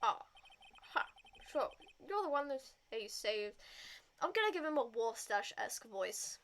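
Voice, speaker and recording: A woman's voice: on the high side, very animated, unhurried, a bit bright. Woman streamer reading game lines. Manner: casual, playful, with hesitant fillers. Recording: game music behind.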